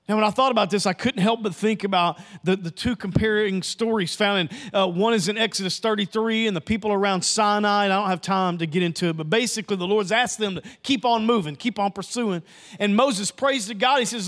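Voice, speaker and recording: A pastor with a high, brisk voice preaches emphatically, repeating himself for effect and moving back and forth between booming stretches and quiet ones.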